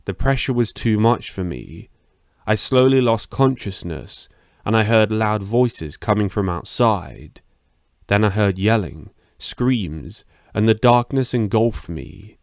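A man reading a first-person horror story aloud in a steady, measured way. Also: fairly low pitch, no room sound, studio quality.

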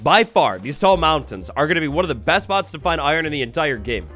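Excitable man with a lively high voice. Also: fast, faint music behind. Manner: excitable, jokey, theatrical mock outrage. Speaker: Minecraft let's play host. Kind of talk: upbeat gameplay commentary.

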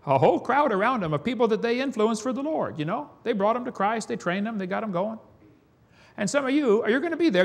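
A man preaching a sermon, telling folksy stories with chuckles. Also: sits high.

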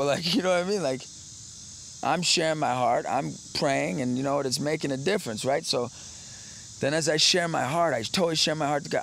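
A man's voice: a little high, a little fast, vocal fry, fairly bright tone. A blunt, rambling man over outdoor noise. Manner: blunt, rambling, repeats himself. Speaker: street minister. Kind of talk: personal testimony interview.

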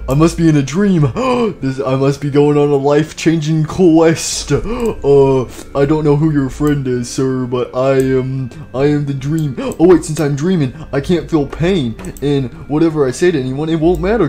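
Dude doing a silly rude robot with a hammer, kinda high mellow voice, rambles. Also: male voice, a little slow, few pauses, natural voice. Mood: goofy. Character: clumsy hammer-swinging male animatronic, goofy and rude. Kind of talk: fan machinima voice acting.

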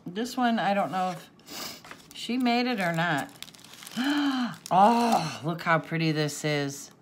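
A woman's voice: on the low side, expressive, takes it slowly, slight background noise. A woman opening gifts off camera for her viewers, teary and sniffling, gasping and laughing with delight. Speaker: crafting channel host. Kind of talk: unboxing happy mail, chatting to viewers off camera.

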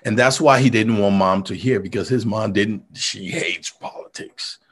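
This middle-aged Liberian man is a mayor giving an earnest, motivational talk built around storytelling, in a Liberian accent. His voice sits on the low side at a normal speed, and he sometimes repeats words to drive a point home.

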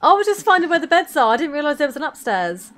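A woman's voice: sits high, very animated, fast talker, fairly bright tone. A woman playing in a squad, reacting in a chatty, giggly way over voice chat with a headset. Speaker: player in a squad. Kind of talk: casual game chat over voice chat.

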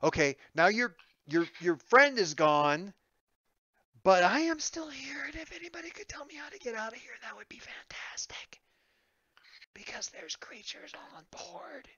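A man's voice: on the high side, expressive, pushed and bright, dry recording, voice pushed up. A man voicing a stranded stranger pleading through a ship's speakers, in a whispered role-play. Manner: pleading, slow halting whisper. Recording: muffled lo-fi recording.

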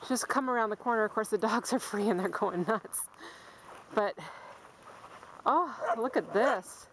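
A woman's voice: on the high side, unhurried. A woman narrating her hike on camera, chatty and calling out to her dogs, recorded outdoors on a trail with a handheld camera mic. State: panting. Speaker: vlogger filming a hike. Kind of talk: casual hiking vlog narration. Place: outdoors on a forest and dune trail. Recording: outdoor camcorder audio with steady background noise.

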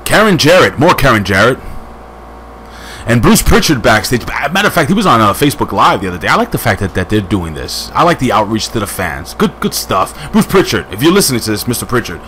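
A man casually reviewing a wrestling show, rambling and joking with quick asides, hyped up on strong coffee. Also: mid-range voice, a little hiss or hum. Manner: rambling, jokey, lively asides.

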